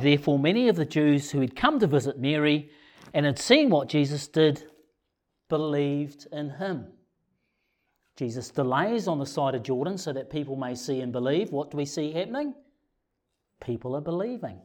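A preacher giving a sermon, retelling scripture in a lively storytelling way. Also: medium pitch.

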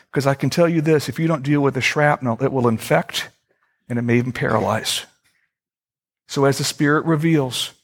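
A middle-aged male pastor preaching a sermon, earnest, slowly repeating key phrases for emphasis. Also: medium pitch.

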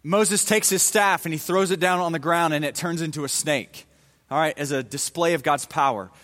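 A man's voice: a little high, normal speed, fairly bright tone. A man preaching a sermon, retelling a Bible story in a casual, conversational way with everyday slang. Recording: long hall reverb.

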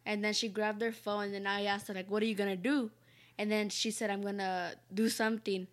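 A woman's voice: medium pitch, flat delivery, brisk. Hesitant young-sounding woman co-host. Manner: hesitant, soft-spoken, many fillers. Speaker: co-host, host's daughter. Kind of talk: casual chat.

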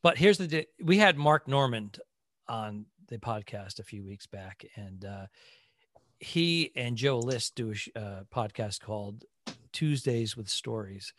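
A man's voice: medium pitch, expressive, a little slow, a bit bright, dry recording. A man co-hosting a casual comedy podcast with wry, joking banter. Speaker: podcast co-host.

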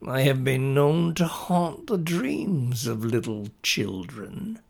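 A hidden monster that taunts a little girl in a slow, drawn-out voice with a menacing lilt, as a storyteller puts it on. The voice is gravelly and creaky, and every word is stretched out for effect. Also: mid-range voice, very animated, full character voice. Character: menacing deep-voiced monster hiding in a cloakroom.

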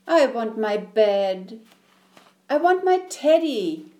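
A woman's voice: fairly high pitch, sing-song, slow, a little mellow. A woman voicing a small, scared young boy in a storybook, with anxious, breathless exclamations. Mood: frightened.

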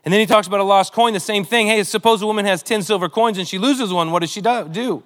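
A man's voice: high voice, fast talker, fairly bright tone. A man preaching a sermon, earnest and emotional, reading scripture with a pleading, dramatic delivery. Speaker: pastor.

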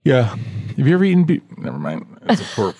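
A man's voice: mid-range voice, fast, slightly rough, no room sound, clean studio sound. Wisecracking man in his forties. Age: 40s. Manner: joking, deadpan wisecracks. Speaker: podcast co-host. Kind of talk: casual true-crime chat.

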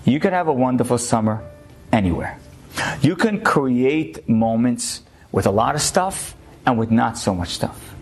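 A man's voice: mid-range voice, lively intonation, unhurried, husky, faint music behind. A man giving a short Torah lecture as a rabbi, telling a story with energy and then urging his listeners in earnest.

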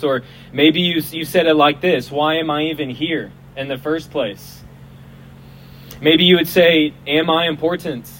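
Male preacher, slightly high voice, loose joking outdoor sermon, faint hum and vehicles behind. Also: fairly bright tone, low-quality recording. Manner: casual and joking, repeats and restarts words. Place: outdoors at a festival.

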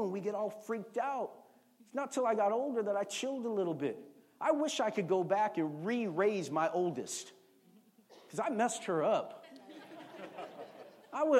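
High-voiced preacher calling out to the congregation. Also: male voice. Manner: call-and-response, repeats words, animated storytelling. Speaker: pastor. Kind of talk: sermon.

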